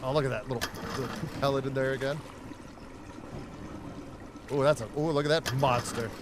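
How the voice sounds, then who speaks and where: A man's voice: mid-range voice, fairly even intonation, fairly quick, background noise. A man live-streaming a video game, chatting casually and profanely with his viewers while he plays. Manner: profane, rambling, talks to chat and the game. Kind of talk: casual gaming livestream chat.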